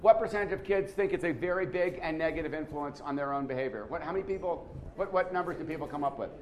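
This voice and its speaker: Man, lecturer, higher pitch, audience quiz, animated, repetitive phrasing. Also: fast talker, a crowd in the background. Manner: animated, questioning the audience, repeats words. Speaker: seminar speaker running a quiz. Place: conference room with a live audience.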